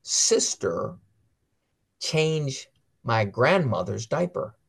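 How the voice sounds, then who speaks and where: A man's voice: medium pitch, big pitch swings, drawn-out words, gravelly, husky. A man talking casually about faith and family, telling stories and reading passages aloud. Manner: storytelling, acts out quoted voices; reads catechism passages aloud. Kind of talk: casual religious chat.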